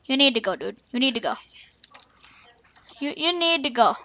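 Bright high-voiced young woman gaming. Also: animated, fairly quick, dry recording, highs cut off. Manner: playful, chatty, repeats taunts at other players. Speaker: gaming channel host. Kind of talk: casual gameplay commentary.

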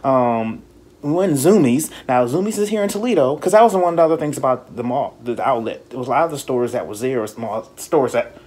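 A man hosting a podcast in casual chat, telling stories in an animated, profane way and mimicking people in high voices. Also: slightly rough. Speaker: podcast host.

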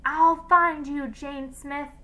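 Woman doing a stern old teacher who won't let up, hollering, bright voice. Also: on the high side, lively intonation, unhurried. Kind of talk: read-aloud storybook voices.

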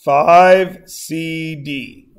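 Slow-talking jokey male math teacher. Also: a little high, steady tone, vocal fry. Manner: jokey, keeps checking in with the class. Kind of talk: classroom lecture. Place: classroom.

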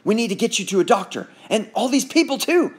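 Male reader voicing a jumpy, fretful young boy in a storybook, high and lively. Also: brisk, slightly rough, heavily acted. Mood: anxious. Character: young boy, anxious and excitable.

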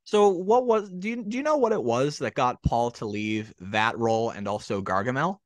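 Lively-voiced male podcast host. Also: medium pitch, moderate pace, dry recording. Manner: eager, lots of short backchannel affirmations. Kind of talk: casual interview.

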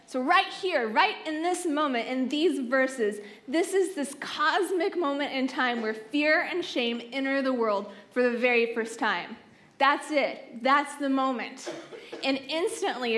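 A young woman with a high, bright-sounding voice preaches from a conference stage. She reads scripture and retells it like a story, moving between lively, playful asides and soft, almost hushed moments. Her delivery is warm in pacing and personal. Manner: expressive storytelling, drops to soft hushed tones. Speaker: youth conference speaker. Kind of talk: sermon, Bible teaching.

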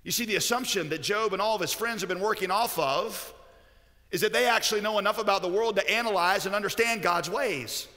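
A pastor preaching a sermon, telling stories and cracking jokes along the way. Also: male voice, high voice, fairly quick, bright, forceful tone. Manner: storytelling with joking asides. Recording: echoey hall with long reverb.

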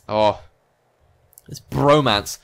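A man hosting a game let's play, reading lines aloud with jokey, excitable, sing-song asides. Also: fairly low pitch, extremely slow, gravelly, clean tone.

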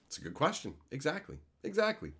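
A high, bright-voiced Canadian man ranting on a live stream. His pitch swings widely as he swears and lectures in a heated rush. The tone is sharp and tense. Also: wildly swooping pitch, fast talker, slightly rough. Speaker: streamer chatting with viewers.

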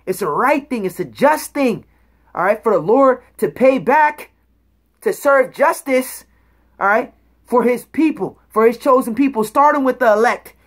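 A woman's voice: on the high side, animated, moderate pace. Emphatic woman preaching a bible study. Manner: emphatic, checks in with "okay?" and "all right?"; reads scripture aloud and explains words. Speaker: bible teacher.

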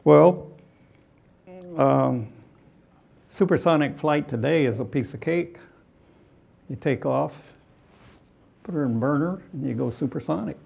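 Gravelly older man telling stories. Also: a little high, darkish tone. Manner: halting, many fillers, chuckles between anecdotes. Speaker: retired fighter pilot guest. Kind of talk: onstage interview storytelling.

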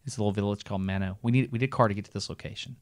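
A middle-aged man co-hosting a podcast, telling a long story in a casual, animated way and breaking into laughs as he goes. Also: lowish voice, rapid-fire, dry recording, clean studio sound. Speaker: podcast co-host.

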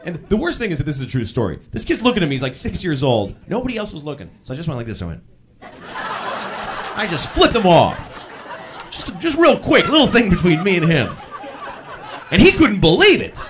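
A man performing a stand-up comedy routine, telling exasperated stories and bursting into shouted acted-out lines. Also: high voice, huge pitch swings, fast, noisy background. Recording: live club with laughing crowd.

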